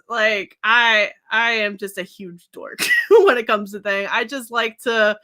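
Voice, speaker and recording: Bright-voiced young woman chatting on a livestream. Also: fairly high pitch, expressive, slow, few pauses. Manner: rambling and effusive, laughs often. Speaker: beauty YouTuber hosting a livestream. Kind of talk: casual livestream chat with viewers.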